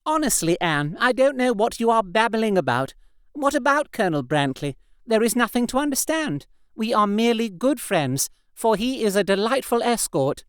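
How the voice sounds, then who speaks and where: A man's voice: sits high, sing-song, clear, resonant tone, dry recording, studio quality, voice pushed up. A man voicing a fussy, gossipy young society lady in an audiobook. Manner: brisk, bossy, socially fussy.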